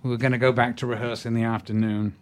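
Older actor guest, relaxed anecdotal delivery, mid-pitched voice. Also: male voice, fast talker. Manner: leisurely anecdotes with restarts and laughter. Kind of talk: storytelling in a podcast interview.

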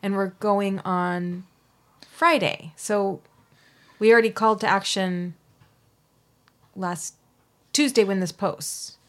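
Relaxed woman co-hosting a podcast. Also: medium pitch. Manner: relaxed, quick short replies and agreement. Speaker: podcast co-host. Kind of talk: casual chat.

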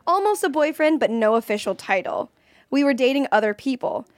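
A woman's voice: high voice, lively intonation, brisk, no echo. A young adult woman co-hosting a casual podcast chat, talking freely with lots of "like" and reading out a listener's question. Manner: chatty, frequent "like", laughs easily. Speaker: co-host.

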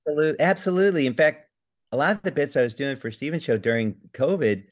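A man from Indiana, a comedy writer, chatting as a podcast guest from his home, self-deprecating and halting, with restarts and laughs. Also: a little high. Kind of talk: casual interview chat.

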